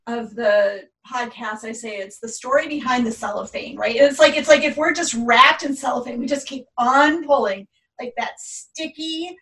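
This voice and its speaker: A woman's voice: a little high, a bit bright, recorded from a distance. A woman hosting a podcast, chatting casually and eagerly with her guest. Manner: enthusiastic, encouraging. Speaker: podcast host. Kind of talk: casual interview chat.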